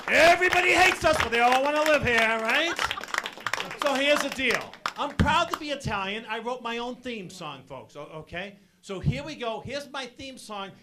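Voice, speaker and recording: A man doing stand-up comedy on stage, loud and punchy, talking to the crowd as folks. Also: very high voice, very noisy. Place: stage before a live audience.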